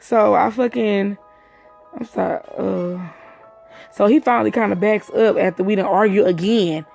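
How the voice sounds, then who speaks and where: A woman with a medium-pitched, fairly even, darkish voice with vocal fry casually describes a night out. She swears a lot, talks quickly, and acts out other people's quotes while faint music plays.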